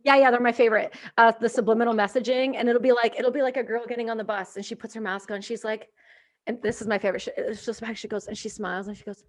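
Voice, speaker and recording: A woman from Canada hosting a podcast, telling stories in an animated way and acting out what people said. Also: fairly high pitch, fast talker. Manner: animated storyteller, acts out quotes, swings loud. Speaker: podcast host. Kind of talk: casual podcast chat.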